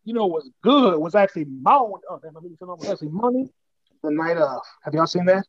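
Co-host, male, high voice, quick rambling delivery, dry dull lo-fi sound. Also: animated, no room sound. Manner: rambling slangy storytelling with many fillers. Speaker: podcast co-host. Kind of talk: casual chat.

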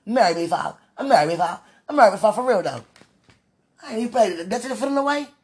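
A woman pours out a rambling spoken prayer. Her voice is husky and sits a little high. She pleads fervently and laughs between her phrases. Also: lively intonation, racing, darkish tone. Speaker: religious speaker.

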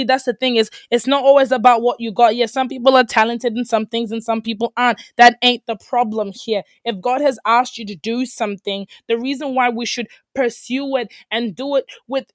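Woman talking about faith, kinda high voice, earnest, repeats stuff, dry close sound. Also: dry recording. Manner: earnest, repeats herself, self-correcting. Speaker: Christian speaker. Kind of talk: casual faith talk.

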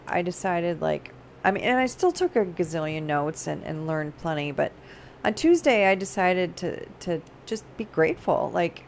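A middle-aged woman talking casually in a rambling, animated way, often laughing. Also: lowish voice, a little hiss or hum. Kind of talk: casual personal chat.

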